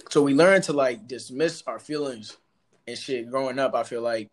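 A man with a voice of middling pitch, co-hosting a casual podcast. He talks in a laid-back, blunt way and reflects as he goes. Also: normal speed. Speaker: podcast co-host. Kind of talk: casual chat.

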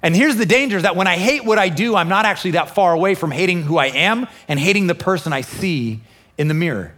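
A pastor preaching a lively sermon, acting out inner voices and quoting scripture with feeling. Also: male voice, high-pitched, quick pace. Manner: animated, acts out inner voices and quotes. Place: church, also streamed online.

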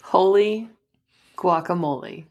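A young woman in casual chat, telling a story in an animated way and acting out the dialogue. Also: on the low side, slow, muffled recording.

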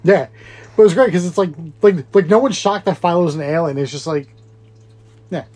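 Higher-voiced man rambling through a movie recap. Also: brisk, darkish tone. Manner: rambling, laughing, acts out movie lines. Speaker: podcast co-host. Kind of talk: casual movie recap chat.

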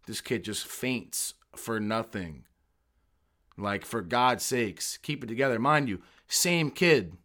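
Male army veteran guest, profane and animated, casual podcast storyteller, mid-range voice. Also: mid-range voice, takes it slowly.

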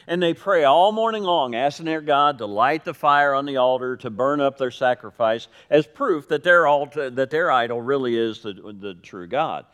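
A man preaching a sermon, telling a story with lively quoted voices and dry jokes. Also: medium pitch, normal speed, hardly any pauses. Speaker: pastor. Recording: reverberant hall.

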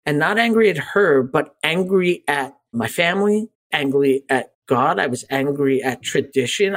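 A man in his forties speaks as a guest on a talk show, his voice sitting a bit higher than most men's. He tells a personal story earnestly and candidly, and grows animated when he retells a conversation. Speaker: podcast guest, life coach.

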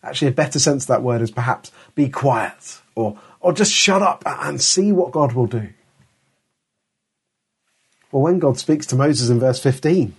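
Husky-voiced man preaching earnestly. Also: medium pitch, darkish tone. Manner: earnest, emphatic, with frequent restarts. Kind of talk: sermon.

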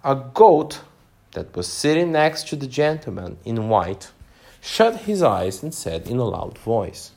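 A man reading a storybook aloud to children, pausing now and then to explain words. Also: mid-range voice, creaky. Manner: animated, unhurried, pauses to explain words.

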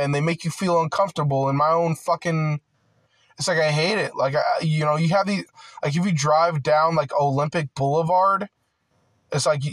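A man's voice: a little high, dry recording, rough recording. Profane ranting man, dry sound. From United States. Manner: profane, rambling, filler-heavy with many "like"s and restarts; aggrieved and heated. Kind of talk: casual ranting monologue.

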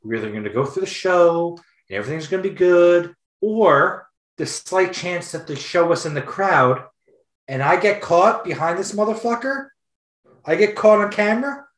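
A man's voice: mid-range voice, expressive, moderate pace, a bit bright, natural voice. A man playing a furious cursing dad. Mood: angry ranting. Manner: ranting, cursing, combative. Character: furious foul-mouthed dad on a payphone. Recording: roomy echo.

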